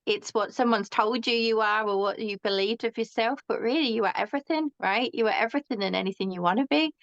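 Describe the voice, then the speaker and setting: A woman hosting a podcast, talking in a casual, frank and animated way and acting out the voices she quotes. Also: fairly high pitch, fast talker, dry recording. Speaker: podcast host. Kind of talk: casual conversational chat. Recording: dull, dry recording.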